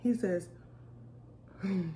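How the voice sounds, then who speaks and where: A woman's voice: medium pitch, drawn-out words. A woman co-hosting a casual comedy chat, telling stories and acting out kids' voices. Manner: animated storyteller, acts out kids' voices. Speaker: podcast co-host. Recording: roomy echo, faint room noise.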